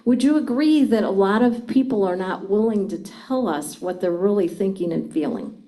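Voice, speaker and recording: A woman's voice: medium pitch, moderate pace, mellow. A middle-aged woman giving a live seminar talk on communication, engaging the audience with frequent questions. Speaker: communication speaker.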